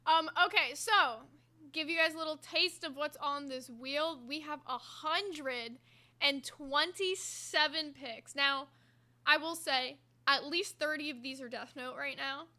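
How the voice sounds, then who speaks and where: Brief: female stream co-host, very high, bright voice, chatty and giggly. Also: a little slow. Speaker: livestream co-host. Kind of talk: casual livestream chat.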